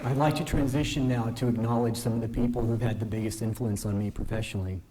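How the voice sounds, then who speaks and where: A man in his forties, a newly appointed justice, giving a formal ceremonial speech from a podium in a courtroom, earnest and gently self-deprecating. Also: mid-range voice, fairly even intonation, quick pace, a loud crowd, heavy background noise.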